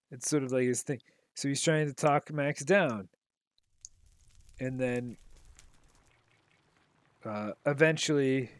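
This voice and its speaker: A medium-pitched man with no room sound around him gives casual commentary as he plays, loosely recapping a film. He's a gaming commentator who rambles, uses lots of fillers, and swears now and then.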